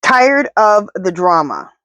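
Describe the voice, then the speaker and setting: A woman's voice: mid-range voice, big pitch swings, slow, fairly bright tone, no room sound, dull audio. A woman doing a casual tarot reading to camera, talking to her spirit guides and speaking bluntly and indignantly. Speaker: tarot reader.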